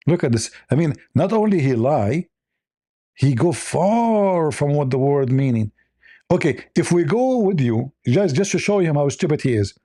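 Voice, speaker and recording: A man's voice: on the high side, sing-song, normal speed, warm tone, dry recording. A man hosting a stream, speaking as an in a sarcastic, mocking commentary style. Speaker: livestream host.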